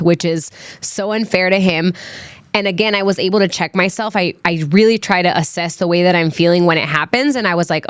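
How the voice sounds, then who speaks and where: A woman's voice: mid-range voice, fairly quick, clean tone, no echo, clean studio sound. A young adult woman hosting a podcast, telling a personal story in a candid, chatty way with lots of "like" and "um". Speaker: podcast host. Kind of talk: casual solo podcast storytelling.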